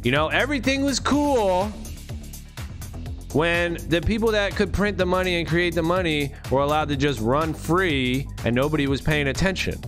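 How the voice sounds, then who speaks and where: Brief: an emphatic, profane man ranting with street slang, speaking a little high, with faint music behind him. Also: moderate pace, hardly any pauses, a bit bright. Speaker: vlogger. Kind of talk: casual ranting monologue.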